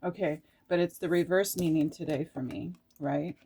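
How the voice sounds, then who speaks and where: A woman's voice: on the low side, steady tone, moderate pace, warm tone, husky. A middle-aged woman giving an emotional tarot card reading, reading card meanings aloud and breaking into laughs and tearful asides. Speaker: tarot reader.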